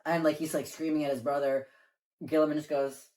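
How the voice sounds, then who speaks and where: A man's voice: fairly high pitch, little pitch movement, brisk, darkish tone. A man co-hosting a casual chat and explaining game lore in a rambling way, leaning on filler words and swearing now and then. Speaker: co-host.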